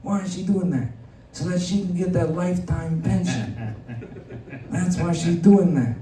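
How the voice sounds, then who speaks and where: A man doing a low, conspiratorial mafia-boss impression of a scheming president in a live comedy sketch. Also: measured pace, warm tone. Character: mobster-style impression of a male president, scheming and boastful. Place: comedy venue stage. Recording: roomy venue sound from far off.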